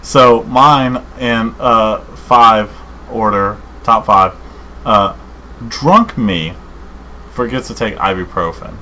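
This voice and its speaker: A man co-hosting a podcast in casual chat, rambling and excited, saying dude and man a lot. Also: lowish voice, slow pace, poor audio. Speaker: podcast co-host.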